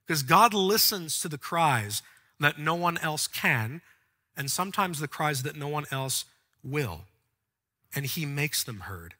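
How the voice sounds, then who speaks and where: A man preaching a sermon as pastor of a church, swinging from quiet, soft passages up to fervent, near-shouting peaks. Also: fairly high pitch. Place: large church auditorium. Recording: long hall reverb.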